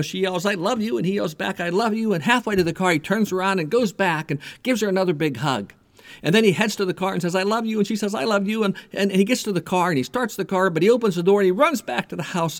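A man preaching a sermon, animated and repeating himself as he builds his point. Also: high voice. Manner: animated preaching with repetitions and a told joke. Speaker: pastor.

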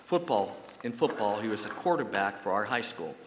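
A man's voice: lowish voice, moderate pace, slight background noise. A man from the United States preaching a sermon and telling a personal story in a folksy way. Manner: folksy storytelling, animated when quoting others. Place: church sanctuary. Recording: roomy echo with long hall reverb.

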